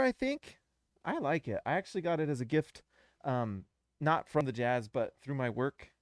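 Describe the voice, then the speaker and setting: A man's voice: fairly high pitch, dry recording, studio quality. A man hosting a casual live reaction stream, talking to his viewers in an effusive way and repeating himself often.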